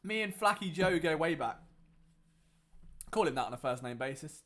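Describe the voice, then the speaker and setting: A young man hosting a live watchalong, commenting on the game with exasperated, sarcastic asides that swing from loud outbursts to muttering. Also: on the high side, expressive, moderate pace. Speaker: sports watchalong host.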